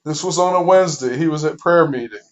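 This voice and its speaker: A slightly high-voiced man tells a casual personal story, lively and playing out each exchange as it happens. The recording is dull and lo-fi, with the top end muffled. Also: fast. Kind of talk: casual spoken anecdote.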